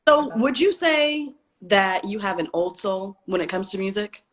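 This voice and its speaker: A woman's voice: medium pitch, animated, a little slow, a crowd in the background. A woman hosting a casual interview, upbeat as she leads the questions. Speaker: host.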